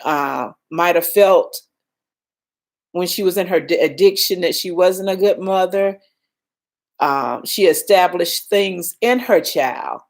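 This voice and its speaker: A shaken older woman hosts a casual live stream and speaks slowly in a lowish voice. She answers viewers' comments with reassurance while she tries to settle her nerves. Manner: emotional, reassuring, reads viewer comments aloud. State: shaken, calming down.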